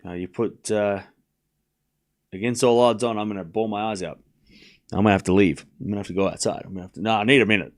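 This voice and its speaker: A man's voice: on the low side, fairly even intonation, fast talker. A man hosting a live tennis watchalong, chatting casually with viewers and calling out scores in a jokey, rambling way. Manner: chatty, jokey, calls scores while reading chat. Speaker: watchalong host.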